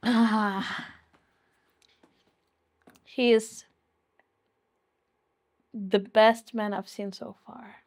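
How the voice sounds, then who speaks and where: A young woman from Ukraine in a personal interview, teary and emotional, speaking haltingly and often laughing. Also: mid-range voice, flat delivery, darkish tone.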